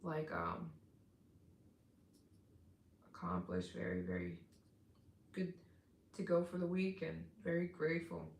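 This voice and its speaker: A woman's voice: low voice, big pitch swings, slow pace, vocal fry, pauses often, a little mellow, roomy sound. Tired, chatty woman live streamer. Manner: chatty, thanks viewers for donations. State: tired, yawning. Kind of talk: casual live stream chat.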